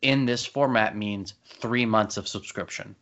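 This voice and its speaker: A man with a lowish but bright, forceful voice chats excitedly on a podcast, rushing his words and restarting often. The sound is a little dull and lo-fi. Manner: fast, excitable, many restarts. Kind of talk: casual podcast chat.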